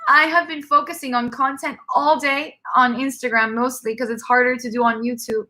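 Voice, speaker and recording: A woman talks on a live stream in an earnest, emotional way, her voice high and bright. She has been crying, and she often repeats and restarts her words. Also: steady tone, moderate pace, low-quality recording. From Cuban-American. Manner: earnest, tearful, repeats herself. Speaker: livestream host.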